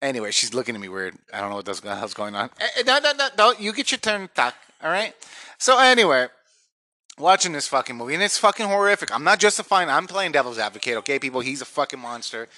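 Brash dude cussing and joking on a podcast, bright voice, bouncy delivery. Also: male voice, mid-range voice, very animated, fast talker. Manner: brash, joking, swears a lot. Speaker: podcast co-host. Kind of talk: profane casual banter.

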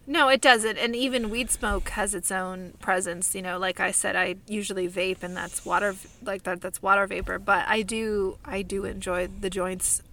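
A woman's voice: medium pitch, steady tone, normal speed, hardly any pauses, bright, forceful tone. A young woman from California co-hosting a podcast, chatting casually with lots of fillers and laughs. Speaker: podcast co-host. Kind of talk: casual chat.

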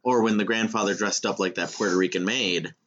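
A man's voice: fairly low pitch, steady tone, fairly quick, a bit bright, muffled recording, a little hiss or hum. A man co-hosting a casual podcast, joking and swearing as he talks about a film. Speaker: podcast co-host.

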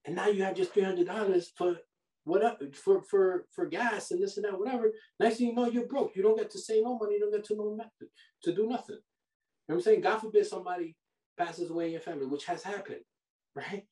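A man hosting a podcast. He gives money advice in a casual, animated, preachy way, full of slang like "bro" and "yo". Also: high-pitched, quick pace, far from the mic. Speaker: podcast host. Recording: roomy sound from off the mic.

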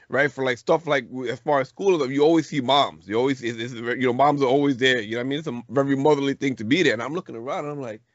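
A middle-aged man with a medium-pitched voice co-hosts a podcast, casually chatting and telling a story. His slangy speech is full of restarts, and the dry recording has a dull lo-fi podcast quality.

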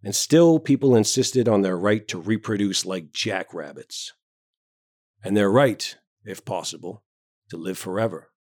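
A man reading a story aloud, voicing a towering, self-important male doctor with a booming, hearty manner. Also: a little slow, darkish tone, dry recording, studio quality. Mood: lecturing. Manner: hearty, booming, bluff joviality.

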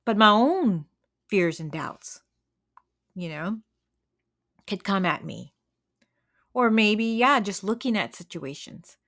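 A woman hosting an encouraging podcast, telling a story in an unhurried, dramatic way with frequent restarts. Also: medium pitch, animated, a bit bright. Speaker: podcast host. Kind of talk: storytelling devotional talk.

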